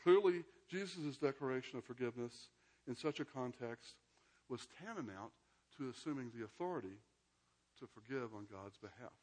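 A man's voice: mid-range voice, expressive, moderate pace, darkish tone. A man giving an informal lecture, explaining a text conversationally and often checking in with "right?", with some hesitant fillers. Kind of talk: informal lecture with scripture reading.

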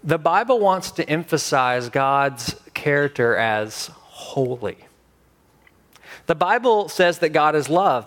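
A man preaching a sermon as pastor, emphatic with dramatic pauses. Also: a little high, expressive, fairly bright tone.

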